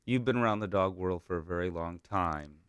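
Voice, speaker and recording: Low-voiced man hosting an interview. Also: a little fast, clear, resonant tone, dry recording, muffled recording. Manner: encouraging, prompting the guest with questions. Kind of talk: interview host questions.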